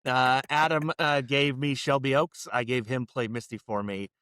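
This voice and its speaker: A man's voice: mid-range voice, steady tone, normal speed, pushed and bright, clean tone, dry recording. A man co-hosting a casual film podcast, telling stories in a rambling, laid-back way with lots of fillers. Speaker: podcast co-host.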